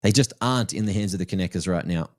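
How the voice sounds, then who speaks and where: A man's voice: low-pitched, quick pace, a little mellow. A man casting a live esports match with play-by-play and playful, teasing asides. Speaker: esports caster.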